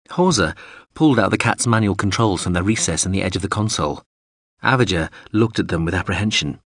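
Deep, husky male audiobook narrator. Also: moderate pace, fairly bright tone, dry recording, studio quality. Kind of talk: scripted narration.

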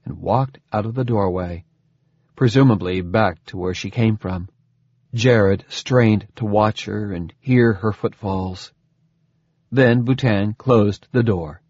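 A man narrating an audiobook in a steady storytelling manner. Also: slow pace, no room sound, dull audio. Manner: steady storytelling with lively pitch. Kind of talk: scripted narration.

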